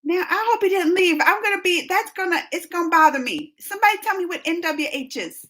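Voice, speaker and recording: Young woman, high-pitched, bright tone, excitable, laughing often, casual live-stream chat. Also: normal speed.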